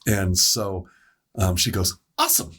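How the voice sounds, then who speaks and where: A man who works as a paramedic, telling a story on a podcast panel in a casual, animated way, acting out the voices he quotes. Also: low voice, normal speed, slight background noise. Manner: animated storyteller, acts out quoted voices, laughs between lines.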